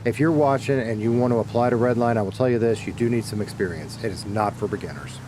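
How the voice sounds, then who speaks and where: A man's voice: medium pitch, fast talker, noisy background. Rambling swearing male streamer. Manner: rambling, self-correcting, swears casually. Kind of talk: casual chat while gaming.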